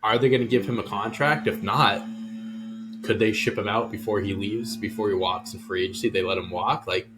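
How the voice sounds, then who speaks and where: A podcast co-host with a fairly low, steady voice talks fairly quickly on a sports podcast. He's casual and blunt and often restarts his sentences.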